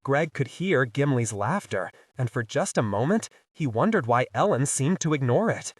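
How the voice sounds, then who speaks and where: A man narrating a thriller audiobook in a dramatic, expressive reading. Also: mid-range voice, moderate pace, hardly any pauses, no echo, clean studio sound.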